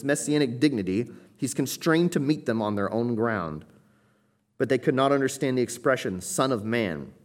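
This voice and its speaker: A man teaching through a Bible passage verse by verse, explaining the Greek text and stressing key points with emphasis. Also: mid-range voice. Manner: explanatory, emphatic, quotes commentators.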